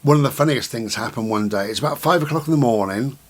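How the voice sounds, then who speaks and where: A middle-aged man, talking slowly and gently to the camera in a reflective vlog, with many pauses and repetitions. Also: mid-range voice. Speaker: vlogger.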